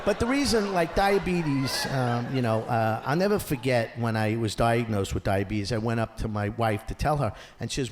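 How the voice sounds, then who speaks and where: Animated New comedian in a hall. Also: male voice, medium pitch, moderate pace, hardly any pauses. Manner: animated, acts out characters, shouts punchlines. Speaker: stand-up comedian. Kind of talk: stand-up comedy set. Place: theater stage before a live audience. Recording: roomy hall sound with audience noise. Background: audience laughter.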